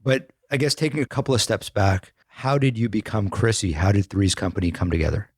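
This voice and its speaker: A man's voice: lowish voice, fairly quick, darkish tone, slightly rough, no echo, clean studio sound. A man hosting a podcast, asking interview questions in an easygoing, reassuring way. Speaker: podcast host.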